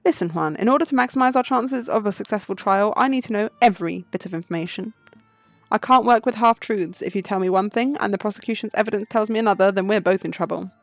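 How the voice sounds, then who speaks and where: A woman voicing a sharp male falcon defense attorney who talks in a brisk, commanding way. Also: medium pitch, no room sound, faint music behind, lightly acted. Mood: stern.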